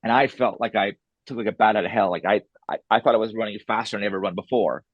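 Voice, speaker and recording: Husky man telling a story animatedly. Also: lowish voice, fast, no room sound, highs cut off. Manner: animated, re-enacts dialogue, blunt and salty. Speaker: author interviewed as a podcast guest. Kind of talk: casual storytelling chat.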